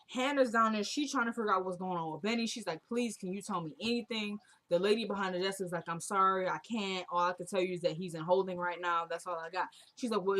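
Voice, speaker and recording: A woman casually recapping a TV drama episode, retelling the scenes and quoting the characters in a chatty, opinionated way. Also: fairly low pitch.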